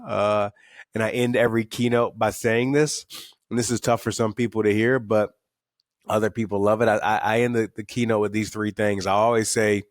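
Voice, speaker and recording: A middle-aged man, talking in a podcast interview. His voice sits low and is recorded close and dry, with no room around it. He tells stories candidly, often repeating words as he builds up energy. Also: level tone, moderate pace, dry recording. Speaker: guest, author and speaker.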